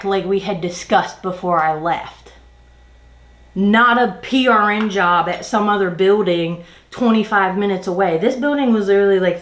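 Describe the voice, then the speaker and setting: A woman's voice: on the high side, echoey room. A woman venting an exasperated work story in a casual storytime while doing her makeup. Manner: ranting, exasperated, animated retelling. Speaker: beauty vlogger.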